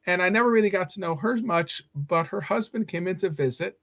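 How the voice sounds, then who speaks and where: Older guy from chicago, guest historian on a podcast, animated storyteller. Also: a little fast. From Chicago, USA. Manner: animated storyteller, leaps up in pitch when excited.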